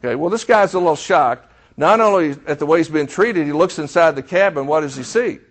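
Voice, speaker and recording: A middle-aged man with a fairly high, lively-toned voice, speaking a little fast, preaches a sermon illustration. He tells a story, acts out the quoted dialogue, and asks the congregation questions.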